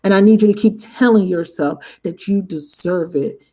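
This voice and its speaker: Excitable, swearing woman tarot reader. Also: mid-range voice, normal speed, few pauses. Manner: excitable, emphatic, swears freely, addresses viewers directly. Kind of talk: casual tarot reading to camera.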